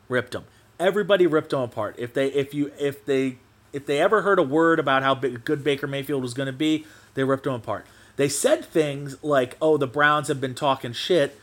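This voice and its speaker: A man's voice: mid-range voice, fairly bright tone. A man hosting his own sports podcast, ranting animatedly and swearing casually in a solo monologue. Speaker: podcast host.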